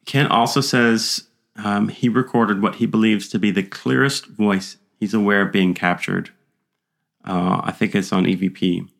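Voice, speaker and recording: A man's voice: on the low side, unhurried, gravelly. A man hosting a podcast, casually retelling a story and acting out the voices he quotes. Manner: animated, acts out quoted voices. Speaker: podcast host.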